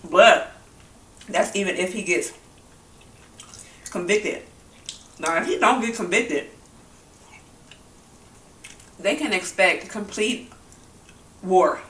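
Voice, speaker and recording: A woman's voice: mid-range voice, takes it slowly, long pauses, a bit bright, roomy sound, distant mic. A woman vlogging while she eats, talking bluntly and angrily about the news and swearing often. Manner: blunt, heated and profane. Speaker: mukbang vlogger. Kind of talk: angry opinion talk while eating.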